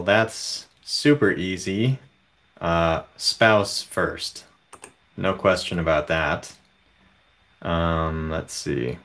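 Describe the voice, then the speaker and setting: Slow-talking man, low voice. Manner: slow, relaxed, reads chat comments aloud. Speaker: livestream host. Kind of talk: casual livestream chat. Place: home.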